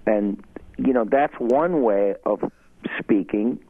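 A male voice actor being interviewed over the phone, talking in an animated way and slipping into impressions. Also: on the low side, takes it slowly, breathy edge, no echo. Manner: animated storytelling, slips into impressions. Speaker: guest voice actor. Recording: tinny phone line.

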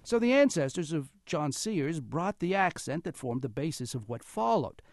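A man's voice: a little high, moderate pace, no echo. A man hosting a radio talk show, narrating a feature and then introducing guests in the studio. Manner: lively, animated delivery.

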